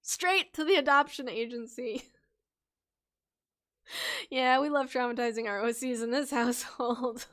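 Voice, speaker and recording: Woman streamer, slightly high voice, playful, laughs a lot, reads aloud, whispered asides. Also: unhurried, pauses often, fairly bright tone. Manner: chatty and playful, laughs often, trips over her reading and corrects herself. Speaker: livestream host reading viewers' character stories. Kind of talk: casual livestream chat.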